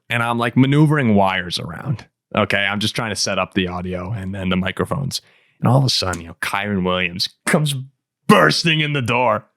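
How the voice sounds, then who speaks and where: A man in his twenties co-hosting a casual sports podcast, telling stories in an animated way and laughing often. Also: medium pitch, no echo, clean studio sound. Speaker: podcast co-host.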